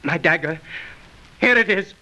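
An actor playing a nervous, heartbroken young stage actor in an old-time radio drama. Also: male voice, on the high side, expressive, a little slow, sharp tone, slight background noise, full character voice, rough recording. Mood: despairing. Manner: nervous and distraught. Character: young male actor, high-strung, heartbroken. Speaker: young actor in a theatre troupe.

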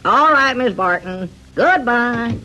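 An actor playing a fussy, chatty middle-aged country storekeeper, in 1940s radio comedy acting. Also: male voice, very high-pitched, animated, takes it slowly, bright, forceful tone, exaggerated voice. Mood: teasing. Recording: lo-fi old radio recording.

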